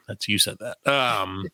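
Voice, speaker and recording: A man's voice: on the low side, takes it slowly, bright, forceful tone, no echo. A man co-hosting a comedy podcast, telling a rambling, profane story in casual chat and acting out the other people's voices. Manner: rambling storyteller, acts out voices, swears freely. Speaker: podcast co-host.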